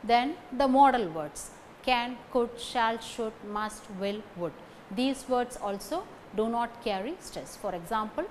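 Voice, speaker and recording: A woman with an Indian English accent teaches phonetics in a slow recorded lecture, repeating each example sentence and then naming the stressed words. Her voice is a little high and expressive, with slight background noise.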